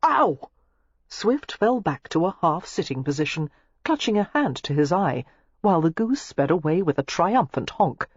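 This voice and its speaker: Expressive audiobook narrator, lively pitch. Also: normal speed, breathy edge, no echo. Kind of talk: scripted novel narration. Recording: dull lo-fi dry recording.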